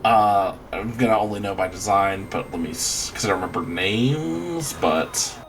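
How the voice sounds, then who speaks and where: Lively, profane man playing a game. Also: fairly low pitch, moderate pace, slight background noise. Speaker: let's play co-host. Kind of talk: casual gameplay commentary.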